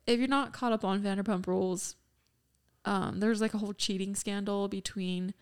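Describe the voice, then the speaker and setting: Young woman rambling through a story on a podcast, giggly, lots of likes, average pitch. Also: fairly even intonation, normal speed, darkish tone, clean tone. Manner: chatty storyteller, giggly, many "like"s. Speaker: podcast co-host. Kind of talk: casual chat.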